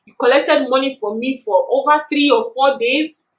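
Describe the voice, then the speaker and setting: A young woman with a Nigerian accent telling a story in a chatty, animated vlog, filling her talk with "you know". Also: high-pitched, normal speed. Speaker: vlogger. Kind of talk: casual storytelling. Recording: echoey room.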